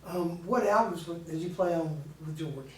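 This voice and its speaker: A man interviewing a guest, asking curious, halting questions. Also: on the high side, fairly bright tone. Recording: distant mic in an echoey room.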